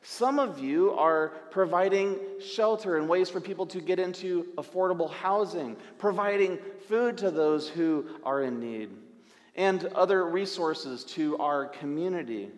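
A male pastor delivers an emphatic sermon, stacking up repeated phrases one after another. His voice sits a little high for a man. It carries with a long, lingering reverb through a large church sanctuary. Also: measured pace.

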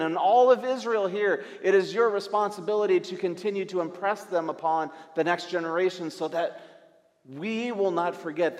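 A man preaching a sermon as pastor in a church, emphatic and repeating phrases in long lists. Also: fairly high pitch. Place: church sanctuary. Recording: long church-hall reverb.

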